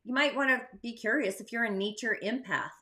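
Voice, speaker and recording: A woman's voice: a little high, a little fast, pushed and bright. A woman hosting an astrology livestream, talking in a rambling, chatty way full of asides and rhetorical questions. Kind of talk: casual spiritual livestream monologue.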